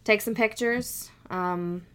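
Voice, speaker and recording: A woman's voice: mid-range voice, takes it slowly, clear, resonant tone. A woman co-hosting a podcast in casual chat, reacting with frequent exclamations and sharing her own views. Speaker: podcast co-host.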